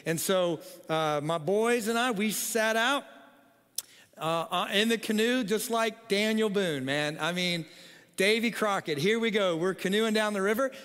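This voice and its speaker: Middle-aged pastor, high tenor-ish male voice, comic storyteller in a sermon, reverberant hall. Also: a little slow, a bit bright, clean tone. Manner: humorous storytelling with frequent "okay?" asides.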